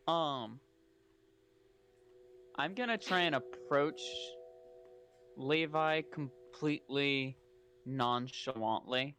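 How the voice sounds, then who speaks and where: A man's voice: mid-range voice, very slow, pauses often, fairly bright tone, slight background noise. A man playing a tabletop role-playing game, speaking hesitantly with many fillers. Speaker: player. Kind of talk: casual tabletop play.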